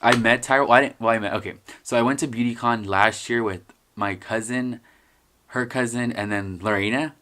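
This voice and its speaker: Young male vlogger, mid-pitch, casual and profane, prone to loud bursts. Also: fairly even intonation, brisk, noisy background. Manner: profane, filler-heavy, swings to loud outbursts. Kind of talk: casual vlog rant.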